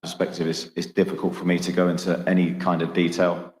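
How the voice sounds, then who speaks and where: Deep, flat-voiced man answering press questions carefully, echoey room with long reverb. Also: music in the background. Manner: measured, guarded, hesitant. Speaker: football club manager. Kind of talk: press conference.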